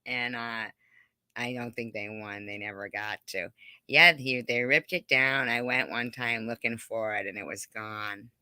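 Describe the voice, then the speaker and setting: A woman's voice: a bass voice, fairly even intonation, measured pace, sharp tone, dry recording, clean studio sound. A middle-aged woman hosting a casual live stream, chatting with viewers in a rambling, giggly way full of fillers.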